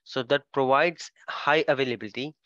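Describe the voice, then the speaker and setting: A man's voice: medium pitch, fairly even intonation, a little fast, pushed and bright, dry recording. A man teaching a live online class, his speech muffled, explaining step by step and repeating points. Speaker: cloud course instructor.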